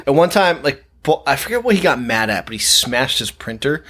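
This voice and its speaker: A man's voice: medium pitch, very animated, a little fast, a bit bright, slightly rough. A man co-hosting a horror movie podcast, telling stories in casual chat, swearing and laughing often. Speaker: podcast co-host.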